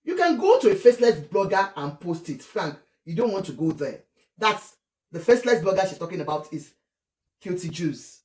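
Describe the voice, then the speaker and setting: A woman's voice: on the low side, moderate pace. Scolding Nigerian woman in an echoey room. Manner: animated and scolding, switching into Yoruba and Pidgin. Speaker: gossip commentator. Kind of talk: casual commentary vlog.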